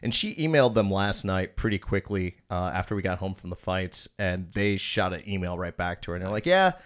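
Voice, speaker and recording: A young man with a lowish voice tells stories in a casual chat, cursing freely. He acts out both sides of his conversations. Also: fairly quick. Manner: profane, animated storyteller. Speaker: podcast host.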